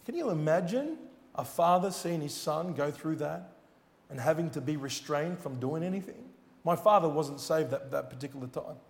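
A man's voice: a little high, animated, normal speed, gravelly. A man preaching a sermon, telling a personal testimony in an earnest, storytelling way with rising emphasis. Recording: long hall reverb.

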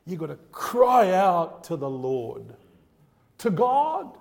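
A man's voice: high voice, huge pitch swings, takes it slowly, vocal fry. A man preaching a fervent sermon, repeating words for emphasis and quizzing his listeners on scripture. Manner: fervent, repetitive, quizzes the congregation.

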